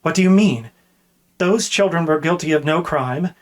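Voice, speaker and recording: A man's voice: a little high, moderate pace, lightly acted. Man voicing a fiery indignant young princess. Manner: raised, demanding, exasperated delivery.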